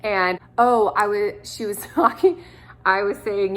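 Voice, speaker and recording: A woman's voice: medium pitch, measured pace. A woman in her thirties, an adoptive mother, telling stories in a casual, rambling way with many fillers. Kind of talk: casual storytelling to camera.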